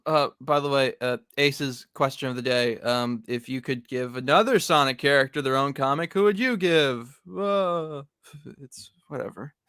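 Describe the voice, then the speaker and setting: A young man co-hosting a casual comic review chat, animated and laughing often, trailing off into mumbles. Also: medium pitch, normal speed, clear, resonant tone, no room sound, studio quality. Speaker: podcast co-host.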